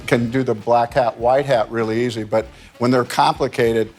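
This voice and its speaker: A man's voice: medium pitch, fairly even intonation, moderate pace, darkish tone. Older American man telling rambling stories. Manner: rambling storyteller, laughing, restarts. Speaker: actor telling stories on talk shows. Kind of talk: casual anecdotes.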